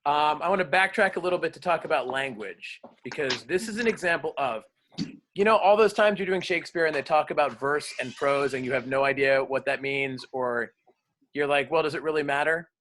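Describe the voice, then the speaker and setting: Bright-voiced male drama teacher. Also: fairly high pitch, a little fast, slight background noise. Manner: lively, explains and quizzes students. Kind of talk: classroom lecture.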